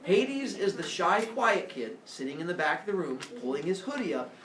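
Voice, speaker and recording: A man's voice: high voice, very animated, moderate pace, fairly bright tone, slight background noise. A man teaching a class, lecturing in a playful, joking way. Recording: echoey classroom from far off.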